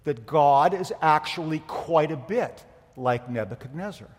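High-voiced pastor in a reverberant hall. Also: male voice, lively intonation, measured pace, breathy edge. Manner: emphatic, rhetorical questions, shifting from loud to quiet. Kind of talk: sermon.

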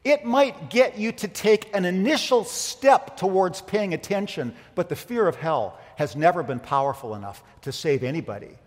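A pastor preaching to his congregation, a man with a notably high voice who builds emphatic rhetorical questions and then drops quiet. His words hang in the long reverb of a church hall. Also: animated, moderate pace, few pauses. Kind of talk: sermon.

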